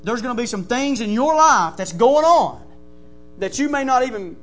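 A male pastor, preaching a folksy sermon that builds into shouting. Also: extremely high pitch, expressive, moderate pace, soft background music.

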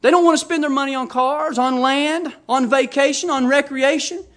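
A middle-aged man preaching a sermon in a folksy, emphatic way that rises to fervent shouting. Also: extremely high pitch, fairly even intonation, normal speed.

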